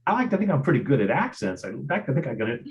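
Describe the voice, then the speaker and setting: A man's voice: mid-range voice, sing-song, racing, darkish tone, lo-fi sound. A man with a Midwestern accent hosting an interview, chatty and telling stories with frequent stammers and repeats. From Ohio. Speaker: host. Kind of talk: casual interview chat.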